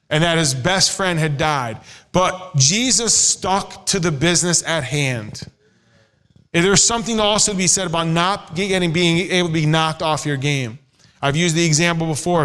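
A man's voice: on the high side, a bit bright, clear, resonant tone. A middle-aged male pastor preaching a sermon in a conversational way, acting out quoted voices. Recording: hall reverb.

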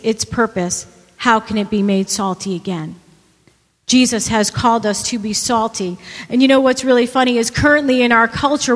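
Woman pastor, high voice, sermon delivery with call-and-response questions, long hall reverb. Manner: preaching with rhetorical questions and repetition.

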